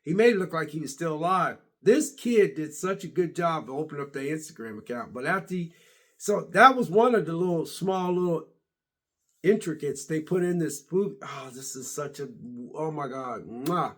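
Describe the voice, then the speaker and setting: A man vlogging a series review in a casual, rambling way, restarting sentences and getting excited as he retells scenes. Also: a little high, normal speed. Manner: excitable, laughs and exclaims. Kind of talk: casual rambling reaction chat.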